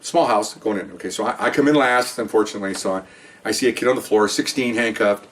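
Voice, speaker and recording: A man's voice: fairly low pitch, fast. A man, a veteran police officer, telling a story from his career in a rambling way and acting out the quotes. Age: older. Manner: rambling, animated retelling with acted-out quotes. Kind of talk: casual storytelling. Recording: voice a bit far from the mic.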